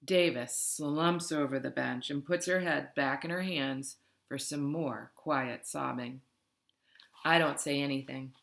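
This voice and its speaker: A woman reading a first-person children's novel aloud in a calm, unhurried manner. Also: rumbling low, gravelly. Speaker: audiobook narrator.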